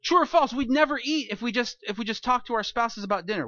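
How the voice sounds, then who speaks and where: A male pastor delivers a sermon in a high, bright voice. He is animated, firing off rhetorical questions and briefly acting out the people he quotes. The sound is dull and dry. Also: fast talker, no room sound.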